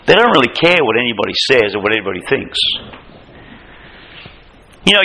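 A man preaching a sermon in an impassioned, emphatic way, with lively asides. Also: medium pitch, vocal fry, low-quality recording.

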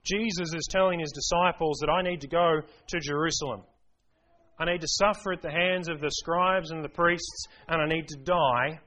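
A man's voice: on the high side, fairly even intonation, moderate pace, bright, forceful tone. A man preaching a sermon to a congregation, emphatic, repeating key phrases and asking rhetorical questions. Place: church service.

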